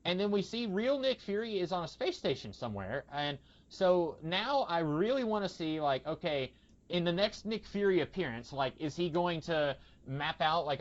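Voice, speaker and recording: A man's voice: on the high side, big pitch swings, normal speed. A young man hosting a podcast, chatting casually and rambling with many restarts. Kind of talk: casual chat. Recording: dull lo-fi podcast audio.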